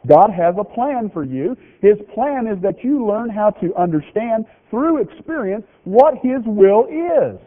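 A man preaching a folksy, joking sermon, with lively swings in pitch. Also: measured pace, few pauses. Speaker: pastor. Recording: tinny phone-like radio broadcast of a hall.

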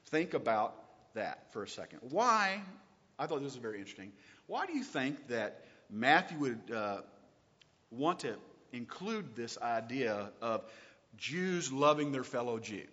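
A man teaching a recorded Bible lesson, asking his listeners questions and reading verses out slowly and with weight. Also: mid-range voice, long reverb tail, highs cut off. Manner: lively, asks rhetorical questions, reads scripture slowly.

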